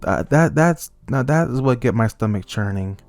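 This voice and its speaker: A man's voice: medium pitch, normal speed, dry recording. A young man vents in an unscripted commentary rant, his voice climbing into angry outbursts and then settling back down. His mid-range voice sits close to the mic in a dry, dead room. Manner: heated, swinging between angry outbursts and calm. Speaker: YouTuber. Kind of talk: ranting commentary.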